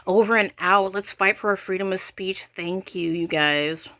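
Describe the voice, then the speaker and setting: A woman's voice: medium pitch, moderate pace, pushed and bright. An American woman ranting casually to her viewers, irritated and rambling, with lots of "like" fillers. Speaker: vlogger.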